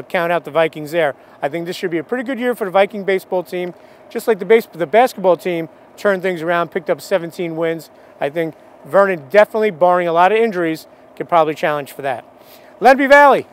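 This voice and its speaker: A man giving a conversational local baseball preview, reeling off players and records with frequent fillers. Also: sits high. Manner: conversational, fact-heavy rundown with fillers. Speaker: sports analyst. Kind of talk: local radio sports preview.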